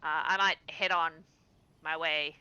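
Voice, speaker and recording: Lady playing a rambly trinket-selling merchant dude, bright voice, chatty and salesy. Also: sits low, fairly even intonation, measured pace, smooth, no echo, lo-fi sound, full character voice. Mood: friendly. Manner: rambling and salesy, full of fillers.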